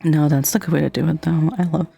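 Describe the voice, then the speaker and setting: A woman hosting a livestream, chatting casually with an excitable, bubbly manner and casual swearing. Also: sits low, fast talker, gravelly. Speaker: streamer host. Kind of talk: casual streamer chat.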